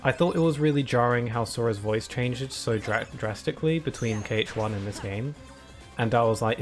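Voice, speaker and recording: A man's voice: medium pitch, normal speed, faint music behind. A young man casually commenting while he plays a game, rambling and often restarting his sentences. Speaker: streamer.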